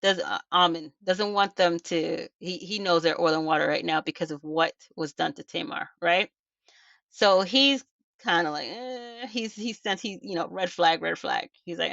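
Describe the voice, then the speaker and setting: A woman with a lowish voice tells a story casually, chatty and emphatic, often turning to the listener with asides. The sound is dull and lo-fi, dry with no room echo. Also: moderate pace, creaky, fairly bright tone. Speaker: video host.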